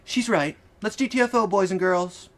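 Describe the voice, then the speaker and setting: A man's voice: high voice, normal speed, pitched above the performer's own voice, lightly acted. A man voicing a cocky, sassy teenage girl in an audiobook, blunt and brash. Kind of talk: audiobook character voice.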